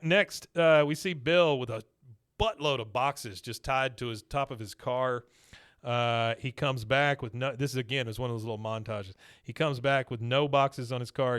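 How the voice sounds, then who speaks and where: A man's voice: mid-range voice, moderate pace, a bit bright, clear, resonant tone, no echo, studio quality. Laughing man recapping a cartoon. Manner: laughing, retelling scenes with quoted lines. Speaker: podcast co-host recapping episodes. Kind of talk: casual chat.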